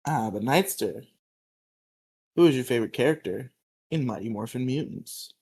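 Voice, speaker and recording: A man's voice: medium pitch, lively intonation, moderate pace, a little mellow. Chatty laughing man recapping a show. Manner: laughs often, hums theme tunes, chatty. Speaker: podcast co-host. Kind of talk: casual episode recap.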